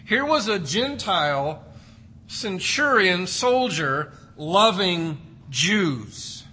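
A man's voice: high voice, very animated, very slow, sharp tone, slight background noise. A man preaching an expository sermon, emphatic and repeating key words for stress. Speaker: pastor.

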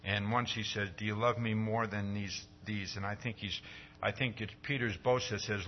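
A man's voice: level tone, normal speed, a little hiss or hum. Male preacher, conversational sermon, keeps asking "See?", slightly dull recording. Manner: acts out quoted dialogue with rising pitch.

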